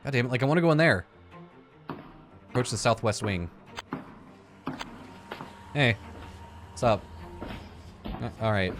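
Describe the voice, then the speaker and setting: A man's voice: mid-range voice, expressive, unhurried, pauses often, soft background music. A man giving casual gameplay commentary, thinking aloud, joking and swearing as he plays. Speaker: let's play gamer.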